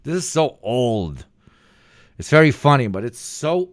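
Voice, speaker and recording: A man's voice: mid-range voice, big pitch swings, measured pace. A man streaming live and reacting to clips with casual, profane jokes.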